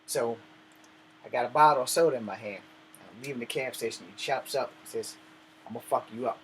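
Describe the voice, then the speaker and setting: A man's voice: medium pitch, fairly quick, slight background noise, poor audio. A man telling a personal story in a blunt, profane, swaggering way. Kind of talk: casual spoken storytelling.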